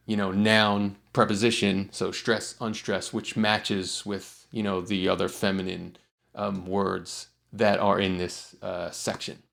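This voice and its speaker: A man teaching songwriting in a relaxed, explanatory way, with frequent fillers and restarts. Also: lowish voice, vocal fry. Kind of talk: casual instructional talk.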